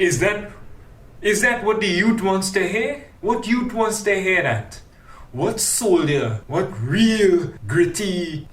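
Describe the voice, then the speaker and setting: A Trinidadian man delivers a fiery speech at a public forum, pressing his point with one rhetorical question after another. His voice sits a little high for a man. The mic is some way off, so the sound rings around an echoey hall. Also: fairly bright tone. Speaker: forum speaker for a grassroots news team. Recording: echoey room, mic at a distance.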